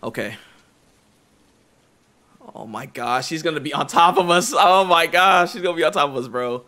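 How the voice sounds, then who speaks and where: A young man giving excitable, jumpy commentary while playing a horror game, repeating himself and using slang. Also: fairly high pitch, normal speed. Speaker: gamer.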